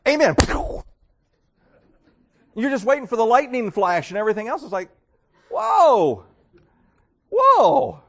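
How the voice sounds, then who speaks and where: A man's voice: extremely high pitch, animated, normal speed, pauses often. A male pastor preaching a sermon, acting out mocking voices of churchgoers as he goes.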